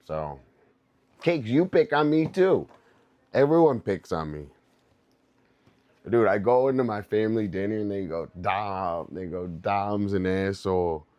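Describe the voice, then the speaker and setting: A young man chats loosely with his stream viewers, laughing often and tossing out dude and bro. His voice sits low and he takes his time between words. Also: sing-song, unhurried, long pauses, dark tone, lo-fi sound. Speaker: livestreamer. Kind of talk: casual stream chat.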